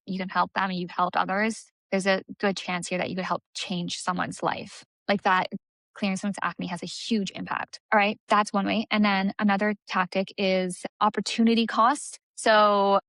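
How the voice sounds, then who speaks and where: Chatty woman with a gravelly edge. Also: medium pitch, little pitch movement, normal speed, fairly bright tone, no echo. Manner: chatty, many "like" fillers, acts out client voices. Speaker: aesthetics business coach. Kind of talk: casual teaching talk.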